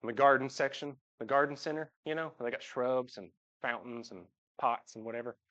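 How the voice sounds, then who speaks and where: A man in his thirties with a drawl speaks from the pulpit, mixing jokes with heartfelt praise for his family. His pitch sits in a middle range, and his voice jumps up when he acts out other people. The live church recording sounds slightly dull. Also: fairly even intonation, fairly quick, a bit bright. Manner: joking storyteller, voice jumps up when imitating. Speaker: church member speaking to the congregation. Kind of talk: heartfelt personal talk from the pulpit. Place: church sanctuary.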